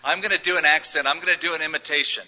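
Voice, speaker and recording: A middle-aged man preaching a sermon in a large church, telling stories in a relaxed, conversational way with touches of humor. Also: fairly high pitch, very fast. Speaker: pastor. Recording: long hall reverb, dull lo-fi sound.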